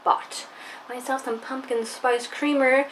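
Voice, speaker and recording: A woman's voice: high voice, steady tone, slow, slight background noise, low-quality recording. A tired woman chatting casually to her viewers at home, rambling and playful as she goes. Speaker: vlogger. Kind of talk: casual vlog chat.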